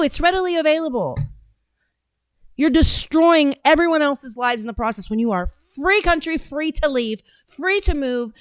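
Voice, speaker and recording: A woman's voice: sits high, expressive, normal speed, no echo. A woman in her thirties hosting a casual commentary show, ranting in a heated, sarcastic, profane way. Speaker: show host.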